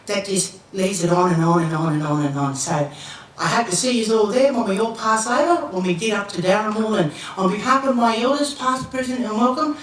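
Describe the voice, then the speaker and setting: An older Australian woman gives a Welcome to Country to an audience, telling a creation story in a relaxed, rambling way and asking listeners to repeat words after her. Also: medium pitch. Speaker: Aboriginal elder giving a Welcome to Country. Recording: echoey hall from far off, faint noise.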